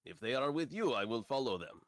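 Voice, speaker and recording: A man's voice: medium pitch, big pitch swings, a little fast, a bit bright, no room sound, studio quality. A man voicing a terse male hero with a put-on Russian accent and clipped, broken English. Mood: stern.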